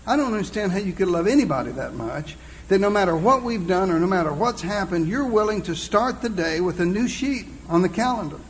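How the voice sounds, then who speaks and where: A man preaching a sermon, earnest and exclaiming, reading scripture slowly and deliberately. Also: high voice, lively intonation, a little hiss or hum, rough recording.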